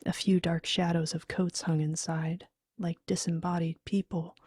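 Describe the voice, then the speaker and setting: A woman reading a horror story in a hushed, half-whispered voice. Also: fairly low pitch, flat delivery, normal speed, husky, dry recording, studio quality. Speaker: audiobook reader. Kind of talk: scripted horror narration.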